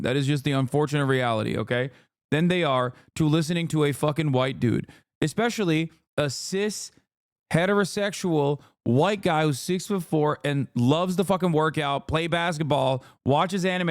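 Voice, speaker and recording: A man rants in angry, emphatic commentary, swearing freely. His voice sits somewhat high. The sound is close and dry, with no room around it. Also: dry recording. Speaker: streamer reacting to clips. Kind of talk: heated commentary.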